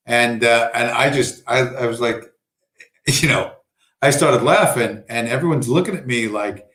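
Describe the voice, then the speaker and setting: On a casual livestream recorded in an echoey room, a male host wanders through a crude, winding story, frequently imitating the people he quotes. His voice is medium-pitched and a bit bright, with lively intonation and a fairly quick pace.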